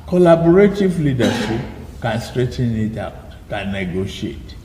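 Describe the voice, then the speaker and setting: A man, a politician, giving a slow, deliberate public speech. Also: medium pitch, very animated, dark tone, slight background noise. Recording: echoey hall, distant mic.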